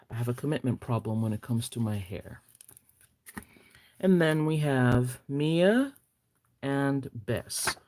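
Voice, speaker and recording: A woman with a Nigerian accent chatting casually on a live stream, excitable, gasping and teasing her viewers playfully. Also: very deep voice, takes it slowly, pauses often. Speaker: planner vlogger.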